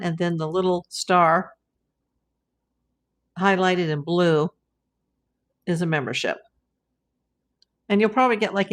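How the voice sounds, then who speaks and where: Chatty woman hosting a livestream. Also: lowish voice. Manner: chatty, reads viewer comments aloud and greets them by name. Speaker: livestream host. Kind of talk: casual livestream chat with viewers.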